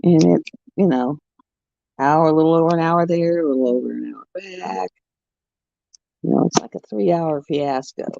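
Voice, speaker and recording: A woman chatting casually on her craft vlog as an animated storyteller, recorded at home. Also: low voice, normal speed, creaky, long pauses, no room sound. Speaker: crafting vlogger. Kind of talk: casual chat. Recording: muffled, dull sound.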